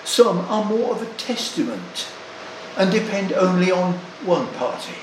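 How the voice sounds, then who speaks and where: An older man preaching a sermon, deliberate and emphatic, leaning hard on single words. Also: high-pitched, big pitch swings, roomy sound, noisy background.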